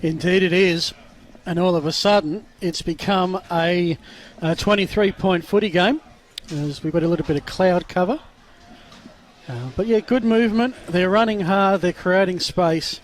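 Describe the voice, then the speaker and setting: A man leading live football commentary, excitable and fast in his play-by-play. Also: sits high, slight background noise. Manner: excitable play-by-play, builds to shouting.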